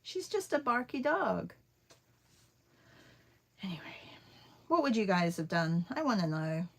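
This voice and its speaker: Slow-talking woman telling a rambling story. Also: mid-range voice. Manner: rambling chatty anecdote with many fillers. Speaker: art teacher and vlogger. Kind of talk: casual storytelling while painting.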